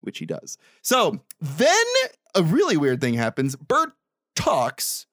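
A man co-hosting a casual podcast chat, playful and quick to laugh. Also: a little high, no echo, clean studio sound. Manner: laughs often, playful and animated. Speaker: podcast co-host.

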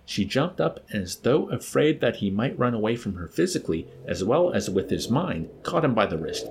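A man's voice: lowish voice, very animated, normal speed, creaky, hardly any pauses, a little hiss or hum. A man reading a novel aloud and then discussing it in a hesitant, thoughtful way.

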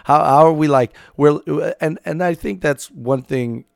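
Gravelly man chatting casually. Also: a little high, no echo, clean studio sound. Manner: halting, restarts a lot, jokey. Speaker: podcast co-host. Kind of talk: casual chat.

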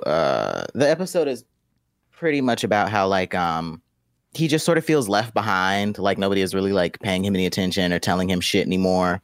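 A man's voice: fairly low pitch, no echo, clean studio sound. Laid-back man co-hosting a podcast. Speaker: podcast co-host. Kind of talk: casual chat.

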